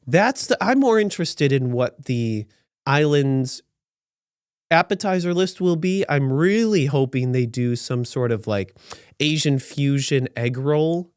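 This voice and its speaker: Man, podcast host, sarcastic rambling commentary, mid-pitched voice, dry close sound. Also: expressive, a little slow, a little mellow, clear, resonant tone, no echo. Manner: sarcastic, rambling, with many restarts.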